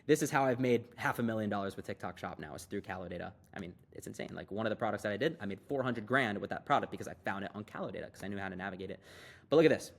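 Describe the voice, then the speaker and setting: A young man giving a casual, hyped screen-share tutorial as an online business coach, talking fast and loose with lots of fillers. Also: on the low side, animated, creaky.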